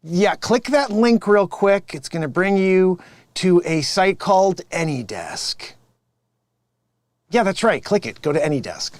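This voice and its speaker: A man's voice: sits high, animated, unhurried, no room sound. A man improvising a sleazy, smug phone scammer boss who mocks his coworkers and cons callers. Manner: smug, mocking, laughing at his own lines. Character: sleazy male phone scammer boss posing as tech rebate agent. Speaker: improv comedian. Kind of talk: improvised comedy sketch.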